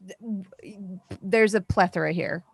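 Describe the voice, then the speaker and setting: A woman narrating a tabletop role-playing game as game master, in a loose, halting way with fillers and sarcastic asides. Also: medium pitch, gravelly, slightly rough, no echo.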